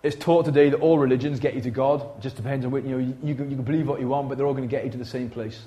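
Animated preacher, man. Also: mid-range voice, very fast, muffled recording. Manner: conversational, animated preaching with big swings in loudness. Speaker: pastor. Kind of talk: sermon. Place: church.

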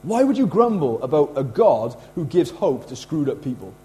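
A middle-aged man preaching a sermon in a casual, animated way, slipping into acted quotes. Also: on the high side, normal speed, rough recording. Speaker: pastor.

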